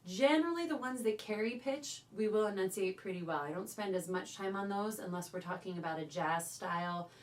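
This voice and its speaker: A woman from California, a voice teacher, leading a choir warm-up and calling out cues between sung drills. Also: medium pitch, fairly quick, hardly any pauses, a little hiss or hum. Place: teaching studio. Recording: voice from a distance over loud piano. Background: loud piano accompaniment.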